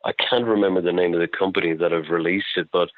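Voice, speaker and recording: An Irish man tells his stories with eager, winding enthusiasm, his voice sitting very low. The sound is thin and phone-like, completely dry with no room around it. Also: fairly even intonation, fast, no echo. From Ireland. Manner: enthusiastic, rambling anecdotes. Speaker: film-maker guest. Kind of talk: interview storytelling. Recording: dry tinny phone line.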